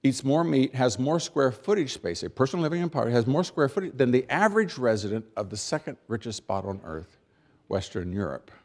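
American guy doing a keynote, medium pitch, dry jokes, repeats lines for punch. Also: big pitch swings. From United States. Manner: emphatic, dry humor, pauses for effect; rhetorical questions and repeated build-ups. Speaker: keynote speaker. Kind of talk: keynote speech.

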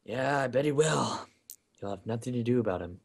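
A man chatting casually with a friend during an online game, rambling with quick asides and many ums and okays. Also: medium pitch, animated, vocal fry. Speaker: gaming YouTuber. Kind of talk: casual gameplay chat.

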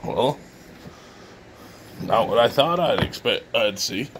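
A man's voice: mid-range voice, lively intonation, slow, background noise. A man talking casually in a home vlog, rambling and jokey with a self-mocking streak, filmed indoors on a handheld camera. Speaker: vlogger.

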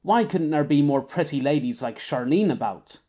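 A man narrating an audiobook in a steady, wry storytelling manner. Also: on the high side, normal speed. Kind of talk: scripted narration.

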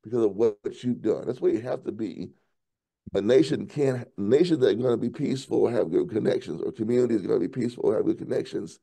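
A man in casual political chat, animated, often repeating words and breaking into laughter. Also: lowish voice, a little fast, vocal fry.

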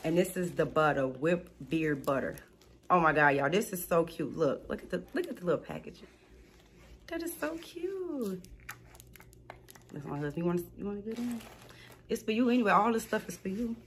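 A woman, chatting casually and excitedly as she unboxes gifts at home, calling out to viewers. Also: on the low side, fast, a little hiss or hum. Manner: excited, gushing, addresses viewers as y'all. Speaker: small business unboxing vlogger.

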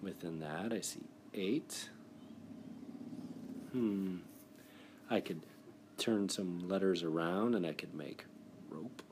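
A man with a very low voice walks young students through a spelling exercise on a screencast. His delivery is encouraging and methodical. A faint hiss sits under the recording. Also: takes it slowly, long pauses. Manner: encouraging, explains step by step. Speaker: teacher. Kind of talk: classroom screencast lesson. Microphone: device mic for screen recording.

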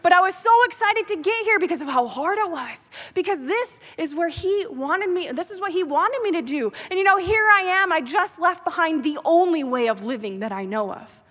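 High-pitched woman from New York, emotional devotional speaker, loud-to-whisper swings, big reverberant hall. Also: lively intonation, normal speed, few pauses. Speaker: public speaker. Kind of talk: devotional address. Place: large theater.

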